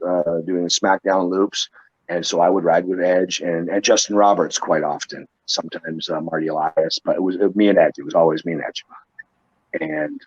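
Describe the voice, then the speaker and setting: A middle-aged man with a lowish voice tells a rambling, profane story as an interview guest. His sound is dry and close, with a dull, lo-fi edge. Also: slightly rough, no room sound. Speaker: guest, pro wrestler.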